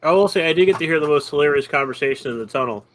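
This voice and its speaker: Bright-voiced man telling an anecdote. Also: a little high, very fast, a little hiss or hum. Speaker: panelist on the stream. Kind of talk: casual stream chat.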